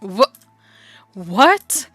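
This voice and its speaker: Streamer: Norwegian-accented woman, slow and giggly, dry close mic, faint music. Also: mid-range voice, sing-song, a bit bright, slightly rough, no room sound. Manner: giggly, chatty. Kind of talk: casual let's-play commentary.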